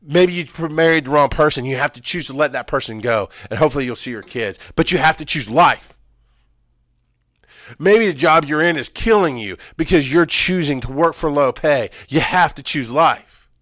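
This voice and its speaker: A man telling an emotional personal story, swinging from loud, urgent emphasis to hushed, halting recall. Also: on the high side, animated, no echo, studio quality. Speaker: speaker sharing personal story.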